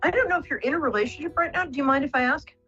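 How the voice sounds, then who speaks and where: A woman's voice: high voice, racing, sharp tone, dull audio, soft background music. A woman hosting a live psychic call-in show, talking soothingly and rambling with many fillers. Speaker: psychic radio host.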